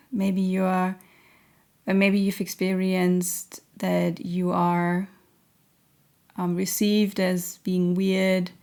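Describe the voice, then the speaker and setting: A woman giving a spiritual reading to camera, gentle and earnest, hesitant and searching with many pauses and fillers. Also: medium pitch. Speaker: intuitive reader.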